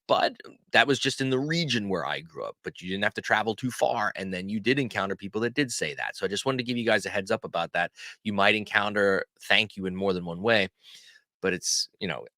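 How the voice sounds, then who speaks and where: A man teaching language phrases in a casual lesson, repeating each phrase slowly and clearly for learners in a friendly, chatty way. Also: fairly low pitch, pushed and bright, no room sound, studio quality.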